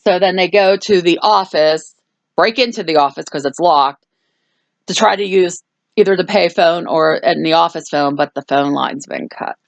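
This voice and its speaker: Female review host, casual rambling recap; gravelly, dry, close sound. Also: fairly low pitch, moderate pace, no room sound. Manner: rambling plot recap with fillers. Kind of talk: casual chat.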